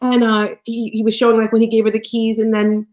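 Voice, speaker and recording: A woman's voice: on the high side, completely flat delivery, a little fast, a little mellow. A woman co-hosting a casual live stream, talking with passion and emotion and often repeating herself. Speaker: co-host. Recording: echoey room.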